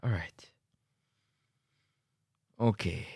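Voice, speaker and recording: A man's voice: low-pitched, extremely slow, vocal fry, a little mellow, breathy edge, dry recording, clean studio sound. A young man, giving exasperated, pleading commentary over a football match replay. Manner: exasperated, pleading, repeats himself. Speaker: football review host.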